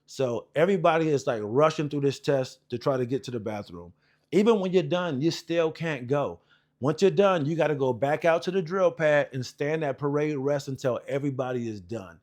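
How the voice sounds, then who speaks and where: A man's voice: a little high, brisk, a little mellow. A man in his forties, an Air Force veteran, telling service stories in a rambling, profane, casual way with lots of fillers. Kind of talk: casual storytelling.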